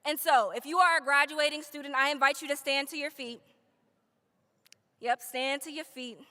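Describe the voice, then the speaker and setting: A woman with a high, bright, forceful voice delivers an energetic commencement speech. She leads the crowd through affirmations for them to repeat and drops in playful, casual asides. The sound rings with the long reverb of a large ceremony hall. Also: normal speed. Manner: energetic call-and-response affirmations. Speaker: commencement speaker.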